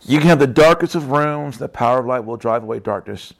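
A man's voice: mid-range voice, fairly quick, creaky. A man preaching in a casual storytelling way, chatty and laughing often, with frequent tag questions.

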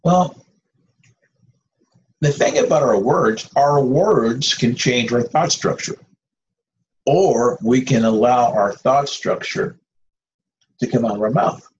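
A man's voice: mid-range voice, slow, long pauses, darkish tone. A man preaching an informal sermon in a conversational, rambling way, with restarts and asides. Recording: dull lo-fi recording with faint noise.

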